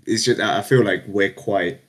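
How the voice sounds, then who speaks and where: A man's voice: on the low side, fairly even intonation, moderate pace, fairly bright tone. A young British man co-hosting a casual podcast, laid-back, agreeing often and using slang. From Britain. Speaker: podcast co-host.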